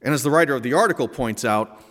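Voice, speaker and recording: A man's voice: mid-range voice, lively intonation, fast, fairly bright tone. A man in his thirties telling a personal story with candid, humorous asides. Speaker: speaker. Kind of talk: personal reflective talk. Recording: echoey hall.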